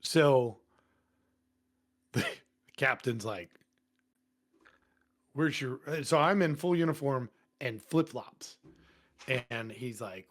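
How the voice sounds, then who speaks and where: In a podcast studio, a firefighter guest with a medium-pitched voice speaks unhurriedly, pausing often. Swearing freely, he spins long, blunt stories in casual talk and animatedly voices the characters.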